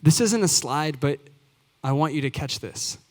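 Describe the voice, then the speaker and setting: A man's voice: on the high side, animated, moderate pace. A man in his twenties, a youth pastor preaching a sermon in earnest, building to emphatic repeated phrases. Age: 20s. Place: church sanctuary. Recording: long hall reverb.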